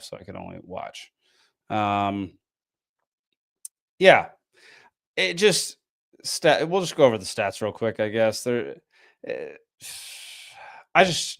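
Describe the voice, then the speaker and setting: A man's voice: on the low side, creaky. A tired man, hosting a casual podcast and recapping a frustrating match with lots of ums and restarts. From American South. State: tired, yawning. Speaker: podcast host.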